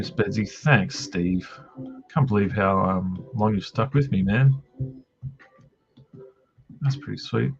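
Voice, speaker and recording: A man's voice: on the low side, creaky. An Australian man hosting a live drawing stream, telling rambling, self-deprecating stories in casual chat. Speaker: streamer host drawing comics. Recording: dull lo-fi stream audio with faint music.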